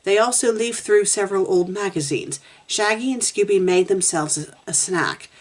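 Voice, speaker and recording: A woman's voice: medium pitch, moderate pace. Wry woman reading a fan story aloud. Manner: wry, giggly asides. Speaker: fan fiction critic.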